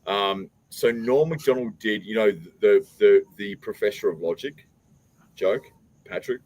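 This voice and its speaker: A man's voice: on the low side, measured pace, a little mellow, low-quality recording. A man hosting a live stream chat, rambling through a long joke and acting out its speakers. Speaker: streaming show host.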